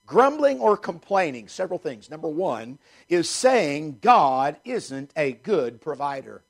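A man preaching a sermon as pastor, emphatic and repeating key phrases, slowing down to stress scripture. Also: fairly high pitch, sing-song, gravelly.

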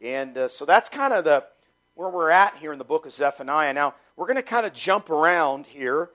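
A man's voice: on the high side, lively intonation, normal speed, bright, forceful tone. A middle-aged man from Canada, a pastor giving a folksy, conversational sermon and asking his congregation questions. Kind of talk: sermon with prayer.

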